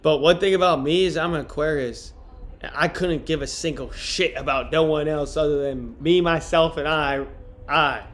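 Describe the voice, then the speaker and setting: A man's voice: a little high, moderate pace, a bit bright, slight background noise. A young man streaming, chatting crudely and joking between read-aloud book passages. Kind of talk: casual livestream chat and reading aloud.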